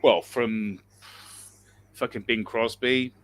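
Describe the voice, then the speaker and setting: A man's voice: medium pitch, fairly even intonation, takes it slowly, slight background noise. A man in a casual group chat on a call, blunt and joking, swearing freely. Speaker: chat participant.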